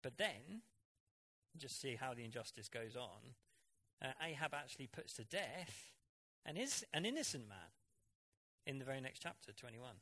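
A man preaching a sermon, reading scripture and explaining it in an animated, chatty way. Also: mid-range voice, normal speed, slightly rough. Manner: animated, conversational Bible exposition.

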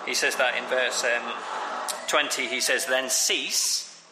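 A man's voice: medium pitch, measured pace, background noise. A man preaching a conversational sermon on scripture, with frequent fillers and restarts. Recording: echoey hall with long reverb.

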